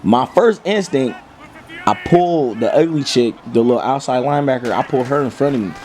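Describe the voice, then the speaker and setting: A young man from Kentucky hosting a gaming channel, telling a comic story in slangy, jokey, animated speech. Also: medium pitch, moderate pace, slight background noise. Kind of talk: comic story time over gameplay.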